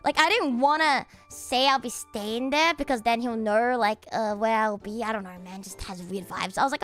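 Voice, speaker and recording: A woman livestreamer telling stories to her chat in a casual, animated way, swearing freely. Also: a little high, normal speed, hardly any pauses, faint music behind.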